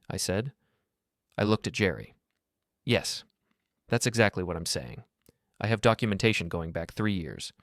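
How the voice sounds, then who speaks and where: A man narrating a first-person story in a firm, measured way. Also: lowish voice, fairly bright tone, no room sound, clean studio sound.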